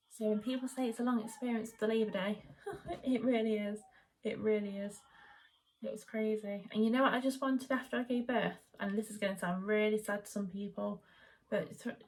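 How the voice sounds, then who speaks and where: A young woman chatting casually at home, telling the story of her labour and birth. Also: mid-range voice. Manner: chatty, animated retelling, quoting the midwife in raised voice. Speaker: vlogger.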